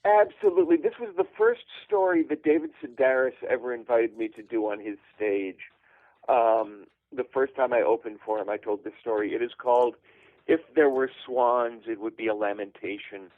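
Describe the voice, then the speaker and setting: Deadpan man telling a comic story over a phone line. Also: mid-range voice, moderate pace, no echo. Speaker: guest storyteller. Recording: tinny phone-line sound.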